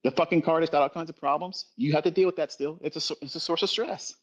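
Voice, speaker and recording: A man's voice: fairly high pitch, steady tone, fast. A middle-aged man speaking in an impassioned livestream rant about trading, blunt and emphatic, swearing constantly and repeating himself for force.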